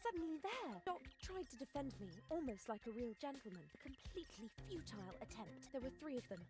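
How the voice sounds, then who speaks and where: A woman voicing a haughty, sharp-tongued young woman who answers with sarcasm and threats. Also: sits high, very animated, fairly quick. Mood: recounting. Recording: game audio with background music.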